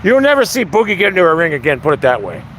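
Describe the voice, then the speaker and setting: High-voiced man ranting on a live stream. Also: very animated, very fast, a bit bright, a little hiss or hum. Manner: profane, ranting. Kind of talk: casual live-stream chat. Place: outdoors.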